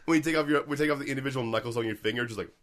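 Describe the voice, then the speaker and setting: A man in casual comedic chat, playful and quick to laugh. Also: mid-range voice, a bit bright, slight background noise. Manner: laughs often, playful and jokey.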